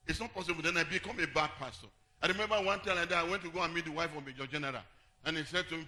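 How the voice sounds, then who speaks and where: High, bright-voiced preaching pastor. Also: male voice, very fast. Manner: preaching with sung phrases and shouts, then drops to low storytelling. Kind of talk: sermon.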